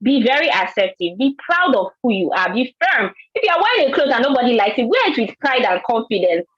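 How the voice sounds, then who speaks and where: A woman's voice: on the high side, sing-song, a little fast, a bit bright, breathy edge, no echo, dull audio. A woman from Nigeria with a Nigerian accent, telling an earnest personal story on a panel and often repeating words. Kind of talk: panel discussion.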